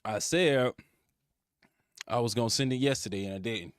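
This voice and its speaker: A man vlogging casually, who slips into reciting verse in a measured, theatrical way. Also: mid-range voice, clear, resonant tone, no room sound, studio quality. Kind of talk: casual vlog chat with a dramatic recitation.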